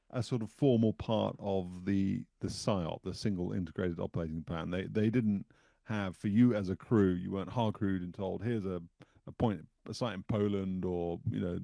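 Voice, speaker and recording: Role: podcast host. Sex: man. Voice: very deep and gravelly, dark tone, dry close sound. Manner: meandering, restarting questions. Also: normal speed, dry recording. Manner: long, winding questions with repeated restarts. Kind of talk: interview questions.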